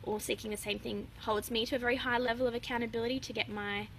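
A woman's voice: on the high side, flat delivery, quick pace, fairly bright tone, a little hiss or hum, rough recording. A young adult woman, chatting openly as an interview guest, with lots of fillers and frequent laughs. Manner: open, chatty, laughs often, many fillers. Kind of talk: casual interview chat.

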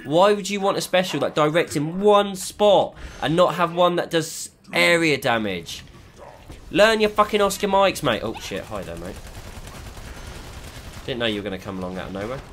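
A man's voice: a little high, normal speed, a bit bright, a little hiss or hum. Swearing, frustrated gamer man. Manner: frustrated, heavy swearing, exasperated. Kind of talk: gameplay commentary.

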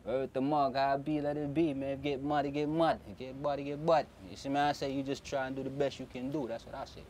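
A man's voice: medium pitch, flat delivery, fast, a little mellow, slight background noise. A young man with a Jamaican accent, talking casually and loosely in an interview, often repeating "you know what I'm saying". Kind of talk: casual street talk in patois-tinged English.

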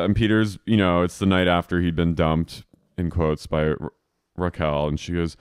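A man co-hosting a casual podcast, recapping reality TV and acting out quotes in high put-on voices. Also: little pitch movement, moderate pace, clear, resonant tone, dry recording, clean studio sound. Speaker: podcast co-host.

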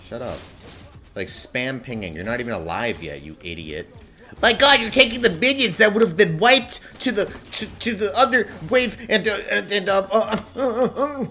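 A man streaming a game, ranting and swearing at other players, swinging from low mutters to shouted outbursts. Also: normal speed. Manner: tilted, swearing, ranting at teammates and enemies. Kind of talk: live gameplay commentary.

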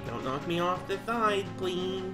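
Laughing man with a lively, slow voice. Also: high-pitched, loud music behind the voice. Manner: jokey, laughs often, goofs around. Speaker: let's play host. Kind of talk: casual gaming commentary.

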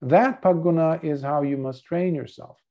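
A male Buddhist monk giving a dharma talk, telling a story in an earnest, measured way. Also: a little high, warm tone. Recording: dull lo-fi recording.

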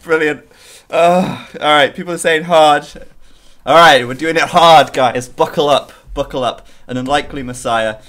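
A man's voice: on the high side, fairly even intonation, normal speed, a bit bright. A man streaming a strategy game, chatting with viewers in a jokey, casual way. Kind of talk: casual live-stream commentary.

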